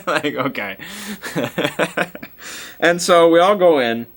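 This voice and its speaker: A man's voice: a little high, lively intonation, slow pace, pauses often, fairly bright tone. A man casually recapping a tabletop game session, rambling, with many fillers and chuckling asides.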